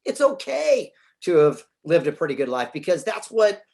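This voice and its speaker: A man in his fifties from California, a guest telling lively stories and acting out quoted lines. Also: on the high side, normal speed, creaky. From San Diego, California. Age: 50s. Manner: animated, acts out quoted dialogue. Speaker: podcast guest, author. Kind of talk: casual storytelling interview.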